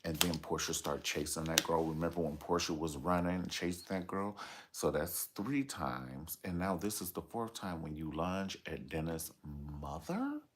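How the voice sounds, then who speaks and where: Sassy deep-voiced man dishing gossip. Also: animated, normal speed, fairly bright tone, breathy edge. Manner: sassy, dramatic storytelling with playful asides. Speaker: celebrity gossip commentator. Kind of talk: reality TV gossip commentary.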